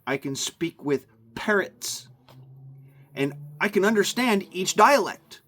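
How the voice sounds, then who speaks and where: A man's voice: high-pitched, lively intonation, slow pace, a bit bright. A man ranting into the camera for his vlog, emphatic and meandering, often repeating himself. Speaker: vlogger. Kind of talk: rambling rant to camera.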